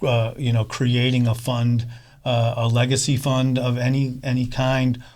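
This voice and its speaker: A middle-aged man speaking in a casual interview as a fund co-founder, halting often with fillers and restarts. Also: mid-range voice, monotone, a little mellow.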